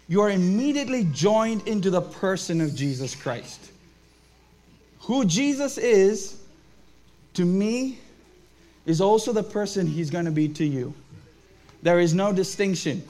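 A man's voice: high voice, darkish tone. A man leading a family church service, preaching to children and adults in an upbeat way and asking them questions.

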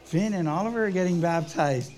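A man's voice: high voice, a little fast, darkish tone. A man leading a family church service, preaching to children and adults in an upbeat way and asking them questions.

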